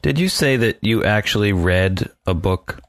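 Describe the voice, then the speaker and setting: A man's voice: on the low side, animated, unhurried, no room sound. A man on a casual podcast, teasing his co-host with dry humor while asking questions.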